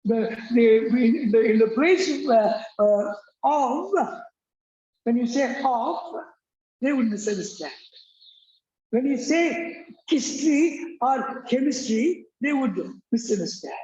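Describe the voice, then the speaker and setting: A man teaching an English accent lesson, halting with many fillers and restarts, repeating words for drill. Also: very high-pitched, animated, darkish tone, slight background noise. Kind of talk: classroom-style lecture. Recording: roomy, dull lo-fi recording.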